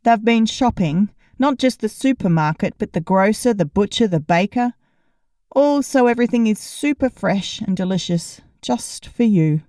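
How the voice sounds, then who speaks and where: A friendly, earnest dad, eager and a little gushing, as a woman narrating puts him on. The tone is soft and mellow, recorded dry and close. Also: medium pitch, animated, moderate pace, no echo, natural voice. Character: kind, eager man, proud father.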